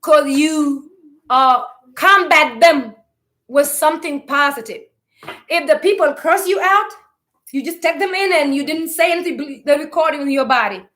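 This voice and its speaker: A woman's voice: high voice, normal speed, bright, forceful tone. A woman giving a spiritual talk to online followers. She speaks emphatically, piles up rhetorical questions and calls on listeners to answer.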